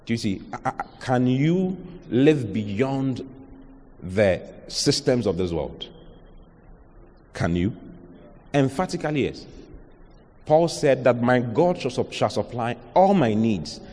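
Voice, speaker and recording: A man's voice: medium pitch, very animated, slow, long pauses, a little mellow, long reverb tail. A man with a Ghanaian accent, preaching a sermon as a pastor, emphatic and full of rhetorical questions.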